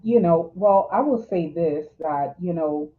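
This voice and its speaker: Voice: medium pitch, a little slow. Hesitant woman over a tinny line. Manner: hesitant, many fillers and restarts. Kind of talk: reflective conversation.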